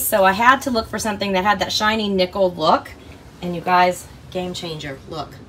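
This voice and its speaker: A woman's voice: medium pitch, a little hiss or hum. A woman hosting a casual vlog, touring her motorhome and gushing over every little feature. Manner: gushing, excitable. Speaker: vlog host. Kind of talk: casual home tour vlog. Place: inside a motorhome.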